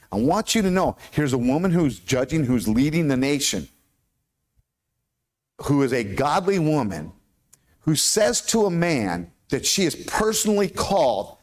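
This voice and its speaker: A man with an American accent preaching a sermon as pastor, animated, with questions to the congregation. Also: on the high side, measured pace. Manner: animated, asks the congregation questions, stumbles over hard names.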